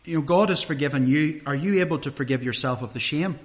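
A man's voice: a little high, fast talker. A middle-aged man preaching a sermon in a conversational, earnest way, asking the congregation rhetorical questions.

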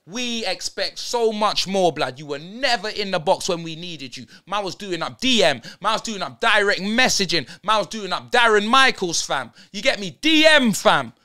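A man's voice: sits high, sing-song, moderate pace, few pauses, pushed and bright, clear, resonant tone. A young man, hosting a football fan channel and ranting through player ratings in heavy slang.

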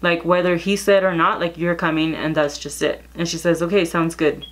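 A young woman with a slightly low voice tells a gossip story to her camera. She reads out text messages and swears freely in a blunt, casual way. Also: flat delivery, moderate pace. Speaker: vlogger telling a story.

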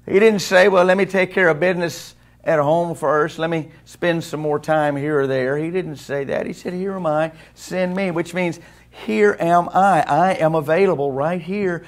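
A man's voice: a little high, fairly even intonation, moderate pace, few pauses. A man preaching a sermon in a church, in a conversational way that keeps asking the congregation questions. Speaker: pastor. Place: church sanctuary.

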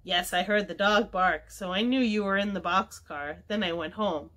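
A woman's voice: medium pitch, moderate pace, bright, forceful tone, close to an everyday voice. A woman reading aloud and voicing a friendly, good-humored town doctor in a children's book. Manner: chatty, amused.

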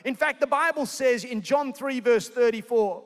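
Energetic high-voiced pastor. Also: male voice, moderate pace, few pauses. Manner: energetic, jokey, calls out to the crowd. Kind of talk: sermon. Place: large convention centre. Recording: echoey convention hall.

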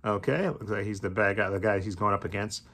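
A man's voice: fairly low pitch, quick pace, bright, forceful tone, breathy edge. A middle-aged man hosting a trailer reaction channel, talking casually, rambling with fillers and chuckling as he goes.

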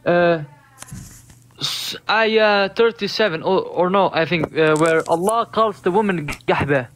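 Guest: man, high voice, hesitant, full of fillers. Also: measured pace, a bit bright, slight background noise. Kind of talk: casual group chat.

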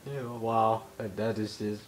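A young man giving excitable let's play commentary, yelping and mock-outraged as he explores. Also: fairly low pitch, a little slow, slight background noise. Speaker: gamer.

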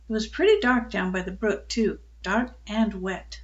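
An older woman reading a children's book aloud, telling it in a calm, unhurried way with small slips. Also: mid-range voice, muffled recording. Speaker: storyteller.

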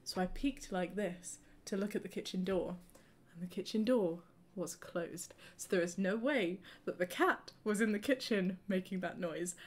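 Animated woman telling a story. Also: mid-range voice, normal speed. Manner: animated storyteller, laughs often. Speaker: gaming streamer co-host. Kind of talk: casual chat while playing.

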